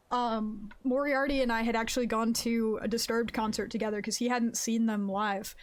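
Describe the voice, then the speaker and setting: Chatty woman streamer yelling n laughing at her game, talks to chat, bit high pitched. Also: moderate pace. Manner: chatty, excitable, laughs often; greets chat viewers mid-game. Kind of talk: casual chat while live-streaming a game.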